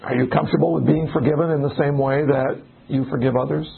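A man's voice: a little high, fairly even intonation, quick pace, vocal fry, narrow, tinny audio. A man leading an informal Bible study, talking conversationally, restarting sentences and acting out little exchanges. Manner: conversational, restarts often, acts out little dialogues. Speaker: pastor.

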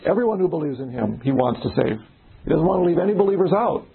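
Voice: medium pitch, animated, quick pace, gravelly, husky, narrow, tinny audio. A Bible study leader explaining word meanings and putting questions to the group in a casual discussion.

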